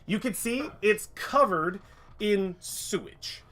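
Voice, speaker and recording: A man's voice: sits high, lively intonation, slow, fairly bright tone. A man narrating as game master of a tabletop game, describing scenes with frequent fillers. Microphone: headset or desk mic on a stream.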